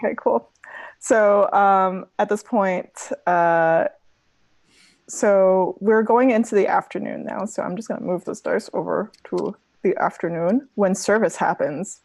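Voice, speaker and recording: A woman running a tabletop role-playing game, setting scenes in a relaxed, halting way. Her voice is mid-pitched. The recording is dry and close. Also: vocal fry, no room sound. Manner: relaxed, hesitant with fillers while describing scenes. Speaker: game master.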